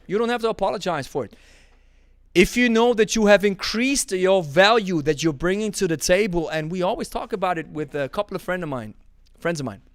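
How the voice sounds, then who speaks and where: A man's voice: fairly high pitch, no room sound, studio quality. A man who speaks natively hosts a live stream and chats casually with viewers, joking, laughing and repeating himself. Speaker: podcast host reading live chat.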